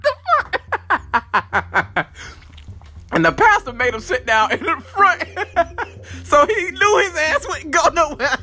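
A man's voice: very high-pitched, big pitch swings, slow pace, long pauses, bright, forceful tone. A man hosting a podcast, talking straight to his listeners in a loose, profane, casual way. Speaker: podcast host. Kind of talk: casual comic storytelling.

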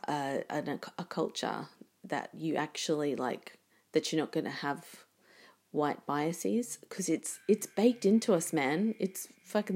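A low-pitched woman in relaxed conversation. She thinks out loud, circling back and restarting her sentences as she goes. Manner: rambling, reflective, many restarts and fillers. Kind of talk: casual conversation.

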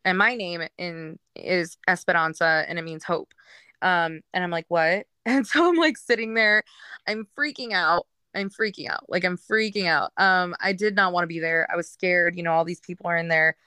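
A woman with a bright, clear voice tells her own story frankly, her talk loose and full of fillers. The sound is dry and close, with no room around it. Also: fairly low pitch, normal speed, dry recording. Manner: frank, rambling, with frequent fillers and laughs. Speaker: guest telling her recovery story. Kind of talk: candid personal storytelling.

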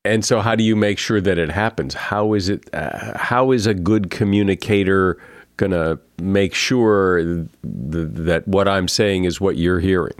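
Male interview host, very low voice, dry close sound, halting restarts. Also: dry recording. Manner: halting, restarts often while framing questions. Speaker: podcast host. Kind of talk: interview conversation.

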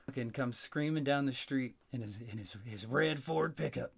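A man telling a long story in casual talk, cursing freely and getting animated. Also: mid-range voice, moderate pace, creaky, few pauses, slightly rough. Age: adult with a young child. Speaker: podcast host.

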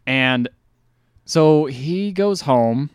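A man's voice: medium pitch, animated, extremely slow, smooth, no room sound, studio quality. A man co-hosting a podcast, recapping a film in casual chat, acting out the characters and swearing now and then. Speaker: podcast co-host.

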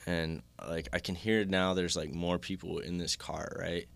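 A man's voice: deep voice, little pitch movement, a little slow, gravelly. A man casually telling a long personal story, rambling with lots of filler words and swearing.

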